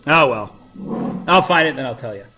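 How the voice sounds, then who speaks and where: A man teaching a class in casual talk, joking and telling animated stories to his students. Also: mid-range voice, normal speed, reverberant, soft background music, rough recording.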